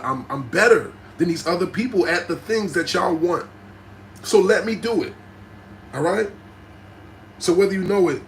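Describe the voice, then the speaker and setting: Guy ranting on his livestream, middle-aged, loud and blunt, cusses a lot. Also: fairly high pitch, a little hiss or hum, low-quality recording. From New Jersey. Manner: passionate and aggressive, blunt and profane. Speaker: livestream host talking to viewers. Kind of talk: unscripted livestream rant.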